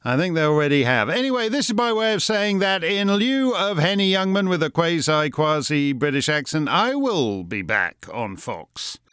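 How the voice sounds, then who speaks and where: A man hosts his show with sardonic, playful wordplay. His voice rises and falls with animation and sounds smooth and resonant. The studio sound is dry. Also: fairly high pitch, sing-song, moderate pace, few pauses, a bit bright, no room sound. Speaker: show host. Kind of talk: wry monologue.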